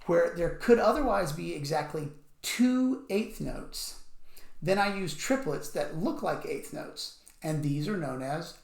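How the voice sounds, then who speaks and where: Slow, patient male music teacher. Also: a little high, expressive, creaky. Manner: patient, methodical, counts beats out loud. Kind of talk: instructional explanation with counting aloud. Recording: echoey room.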